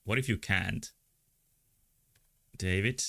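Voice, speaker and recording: Bright-voiced man reading game text. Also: lowish voice, takes it slowly, gravelly. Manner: reads text in a plain voice, then jokes and reacts. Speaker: let's play streamer. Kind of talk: reading game dialogue aloud and commenting.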